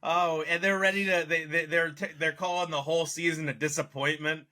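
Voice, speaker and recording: A man hosting a casual sports podcast in a playful, teasing way. His voice is sharp and very bright, a little high for a man. He gets excited easily. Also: fairly quick. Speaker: podcast host.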